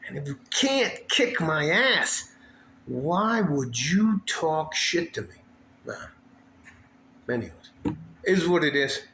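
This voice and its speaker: This West Texas man's vlog is a slow, furious rant full of swearing, circling the same gripes with long pauses between bursts. His voice is a little high, bright and forceful, with lively intonation. Faint ambient noise fills the echoey room.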